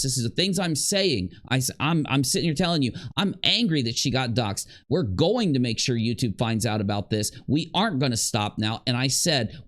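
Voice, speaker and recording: A man hosting a commentary channel, emphatically breaking down clips and repeating his points. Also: mid-range voice. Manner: emphatic, repetitive, mimics the woman in quotes. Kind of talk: drama commentary, analyzing clips.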